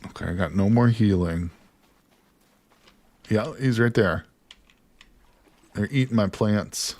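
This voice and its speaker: A man commentating live on his survival gameplay, talking to viewers and swinging between quiet mutters and excited outbursts. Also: lowish voice, creaky, breathy edge. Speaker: gaming streamer.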